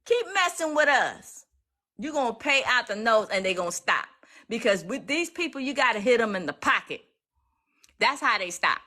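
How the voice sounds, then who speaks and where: A woman from the US East Coast, talking casually to viewers on a phone live stream in an emphatic, repetitive, excitable way. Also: fairly high pitch, moderate pace. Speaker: legal activist streaming live.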